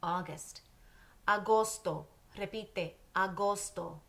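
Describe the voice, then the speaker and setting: A woman teaching Spanish to children, patiently saying words and pausing for her class to repeat them, mixing English and Spanish. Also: medium pitch, creaky, a bit bright. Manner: patient, pauses for repetition. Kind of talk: slow drill lesson for children.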